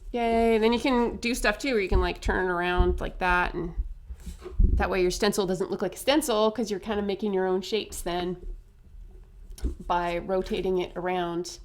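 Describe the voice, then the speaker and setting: A woman giving a casual face painting tutorial, chatty and upbeat, full of asides and quick tag questions. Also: mid-range voice, fairly even intonation, a little hiss or hum.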